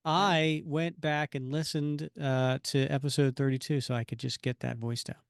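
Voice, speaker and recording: A man's voice: mid-range voice, flat delivery, normal speed, gravelly, clean tone, no room sound, studio quality. A man co-hosting a comics podcast, reading the comic dialogue aloud with acted emphasis. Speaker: podcast co-host.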